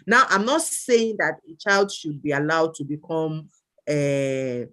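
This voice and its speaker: A woman co-hosting an online panel over a video call, speaking earnestly and pressing her point. Her voice sits a little low for a woman. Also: measured pace, fairly bright tone. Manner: earnest, urging, with many listening hums. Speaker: co-host.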